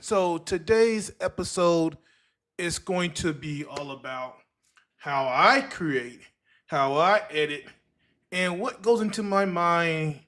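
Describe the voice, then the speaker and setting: A man's voice: high-pitched, a bit bright. A man hosting a podcast alone, telling a rambling story full of filler words. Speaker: podcast host. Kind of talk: solo podcast talk. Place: live streaming setup.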